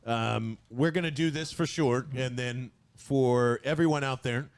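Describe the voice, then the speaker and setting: A man hosting a podcast in a casual sports chat, animated and quick to swear. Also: mid-range voice, clear, resonant tone. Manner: animated, excitable, swears freely. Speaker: podcast host.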